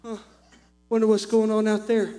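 A man with a very high voice gives a sermon to his church, swinging from quiet asides into impassioned shouting, though his delivery is completely flat and at normal speed. Faint music plays behind him. The hall adds a long reverb, and a faint mains hum sits underneath.

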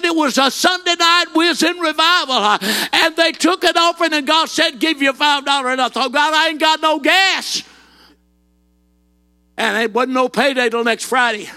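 A man preaching a folksy sermon. His voice sits very high and sounds bright and cutting. He tells plain personal stories, then punches the big lines out in a shout. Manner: folksy storytelling, rising into shouted emphasis.

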